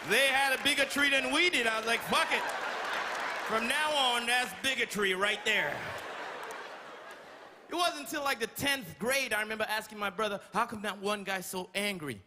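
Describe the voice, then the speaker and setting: A man from Canada doing a stand-up comedy set, with a loud, profane, punchy delivery. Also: very high-pitched, moderate pace. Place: large comedy stage with live audience. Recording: loud crowd and room noise.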